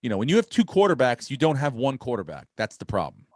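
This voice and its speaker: A man's voice: medium pitch, very animated, fast talker, a little mellow, no room sound. Middle-aged male podcast host, profane storyteller, dry close sound. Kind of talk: casual podcast chat. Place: home on Long Island, New York.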